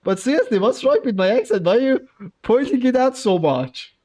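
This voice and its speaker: A man's voice: very high-pitched, lively intonation, a little fast, warm tone. A man from Iran with a Persian accent, his first language being Persian, chatting casually with his chat on a game livestream, laughing often and bantering playfully. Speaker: streamer.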